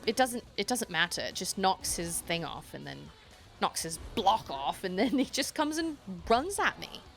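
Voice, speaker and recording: A young woman streaming a video game, thinking out loud and often restarting her sentences with self-deprecating remarks. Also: mid-range voice, very animated, normal speed, creaky, faint music behind. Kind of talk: live game stream chat.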